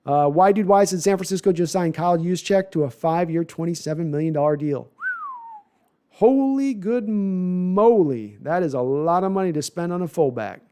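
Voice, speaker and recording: Chatty male livestream host, mellow voice. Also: fairly high pitch, clean tone. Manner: chatty, reads viewer comments aloud and answers them; animated, with quick asides and self-corrections. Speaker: livestream host answering viewer chat. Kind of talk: casual live chat about football.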